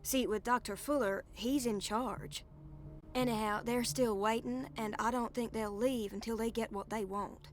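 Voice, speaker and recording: A woman's voice: on the high side, fairly even intonation, moderate pace, faint music behind, natural voice. An actress voicing a curt, matter-of-fact woman nurse in a video game. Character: brisk rule-bound woman asylum nurse.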